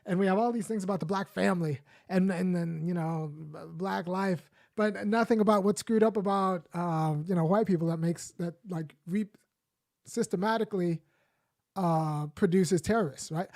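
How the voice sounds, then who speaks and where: A man's voice: high voice, moderate pace, a little mellow. A man hosting a weekly live show, giving argumentative political commentary in a conversational, lecturing way with frequent fillers and restarts.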